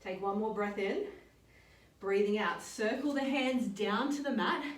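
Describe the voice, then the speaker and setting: Woman, fitness instructor, calm step-by-step cues, roomy echo, distant mic. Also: mid-range voice, a little slow, slight background noise. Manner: calm step-by-step cueing with breath counts. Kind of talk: guided workout instruction.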